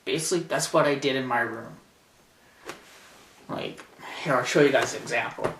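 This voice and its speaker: A man's voice: medium pitch, moderate pace, creaky, roomy sound, recorded from a distance, noisy background. A teenage boy ranting sarcastically and indignantly into a camcorder in his bedroom. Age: teens. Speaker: vlogger. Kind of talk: ranting vlog. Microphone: camcorder mic.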